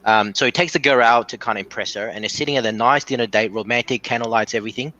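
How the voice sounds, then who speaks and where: Male caller, fast and bright, rambling joke teller, slightly dull dry line. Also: medium pitch, dry recording. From Australia. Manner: rambling storyteller, many restarts. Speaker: caller telling jokes. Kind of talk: casual joke telling on a call-in show.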